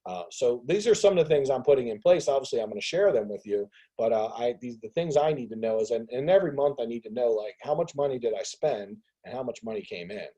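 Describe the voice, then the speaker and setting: A man hosting a business group call on a video call, talking casually in an animated rant. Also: medium pitch, fast, hardly any pauses, rough recording. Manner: animated ranting, acts out others' voices. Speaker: host of a business mastermind call.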